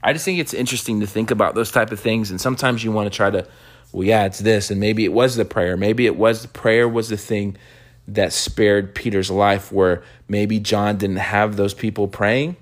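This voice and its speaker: A man preaching a sermon, telling a story with animated quoted bursts and soft hushed reflective asides. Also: normal speed. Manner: animated storyteller, acts out quotes with sudden high-pitched bursts. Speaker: pastor.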